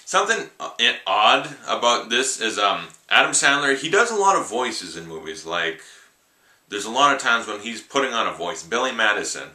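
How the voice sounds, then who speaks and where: A young man talks through a film review in a loose, offhand ramble that leans on "like". His voice sits fairly low but sounds very bright. The room is echoey. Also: very animated, moderate pace. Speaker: movie reviewer. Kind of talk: casual spoken film review.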